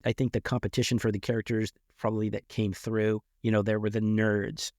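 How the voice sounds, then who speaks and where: A man's voice: fairly low pitch, level tone, brisk, a little mellow, dry recording, studio quality. Musing middle-aged male podcast co-host. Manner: reflective, musing with rhetorical questions. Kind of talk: casual chat.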